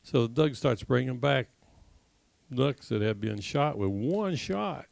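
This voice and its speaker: A man teaching a congregation class, telling a folksy joke with laughs and loud acted-out gunshots, then leading a prayer. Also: mid-range voice, sing-song, takes it slowly, gravelly, no room sound. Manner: jokey storyteller who laughs at his own tale, acts out shots loudly.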